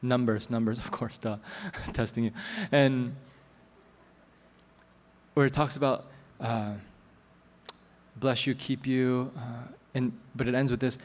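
A man preaching a sermon as a pastor, telling a story in a relaxed, joking way. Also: mid-range voice, slow pace, pauses often. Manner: conversational, joking asides. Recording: long hall reverb, soft music.

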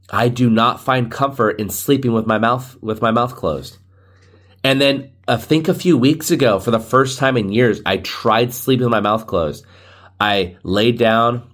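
A man's voice: medium pitch, a bit bright. A man hosting a casual solo podcast, rambling and joking, often laughing at himself. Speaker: podcast host.

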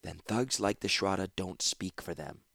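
A man's voice: a little high, very animated, normal speed, no room sound, clean studio sound, pitched above the performer's own voice. A man voicing a blunt, hardened woman warrior. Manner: clipped, urgent and direct. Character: tough blunt female warrior, terse and practical. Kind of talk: audiobook character voice.

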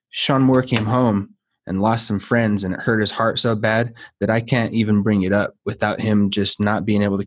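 Earnest low-voiced man hosting a podcast. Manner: earnest, emphatic, repeats phrases to build a point. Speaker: podcast host. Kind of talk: casual podcast conversation.

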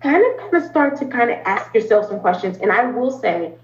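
In a conversational interview, a woman therapist appears as a guest and explains things earnestly and at length, often saying "um" and restarting her sentences. Her voice is fairly high and a little fast, with lively intonation, and faint music plays behind her. The recording sounds roomy and slightly dull.

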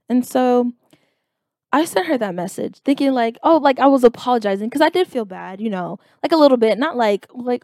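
Animated young woman venting on a vlog. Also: fairly high pitch, moderate pace, dry recording, clean studio sound. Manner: animated, exasperated, full of filler words. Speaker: vlogger. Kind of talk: casual storytelling vlog.

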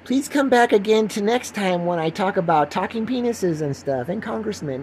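Lively, rambling older man podcaster. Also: sits high, moderate pace, hardly any pauses, a little hiss or hum. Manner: goofy, rambling, laughs often, drops into silly voices. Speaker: podcast host. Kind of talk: rambling comic monologue.

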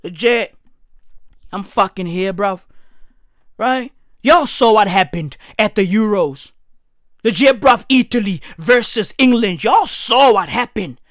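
A young adult woman from South Africa with a South African accent, delivering a loud, profane comedic rant, often shouting. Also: mid-range voice, expressive, takes it slowly, dry recording, clean studio sound.

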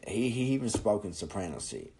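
A man's voice: fairly low pitch, sing-song, brisk, gravelly, dark tone, a little hiss or hum, low-quality recording. A man in his twenties hosting his own podcast, rambling and joking with plenty of swearing in casual monologue. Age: 20s. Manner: profane, rambling, jokey. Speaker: podcast host.

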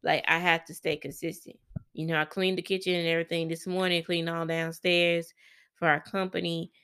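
A woman with a lowish, gravelly voice talks with her husband in a casual couple's chat. She is hesitant and reflective, and she often restarts to find a better example. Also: level tone, fairly quick, fairly bright tone. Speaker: wife in a couple's vlog.

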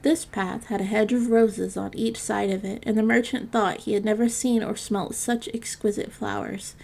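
A woman narrating a classic fairytale in a calm, measured storytelling reading. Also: medium pitch, creaky.

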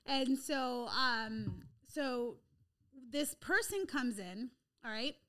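Woman, high voice, animated storyteller, laughs a lot, casual chat. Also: very slow.

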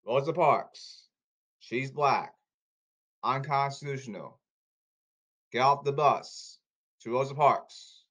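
A man's voice: medium pitch, slow pace, pauses often, a bit bright. A man rambling in an insistent, repetitive way, often restarting his sentences. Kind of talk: rambling address to camera.

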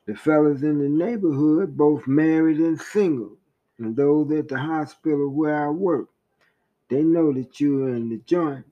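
A man reading as a lonely wife, tender and pleading in a slow, unhurried delivery. The recording sounds dull and lo-fi. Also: medium pitch, natural voice. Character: lonely wife writing a farewell letter.

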